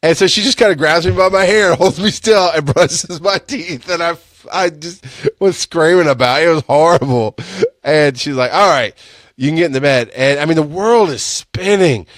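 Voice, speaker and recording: A man hosting a podcast, telling a personal story in a casual, animated way, laughing and swearing, with sudden loud high-pitched outbursts. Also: moderate pace, dry recording, studio quality. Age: adult with a young son. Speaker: podcast host.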